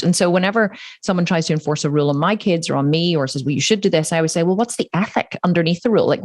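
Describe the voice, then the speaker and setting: A woman's voice: on the low side, no echo, clean studio sound. A woman, hosting a podcast, blunt and ranting, swearing freely. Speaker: podcast host. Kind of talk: casual interview chat.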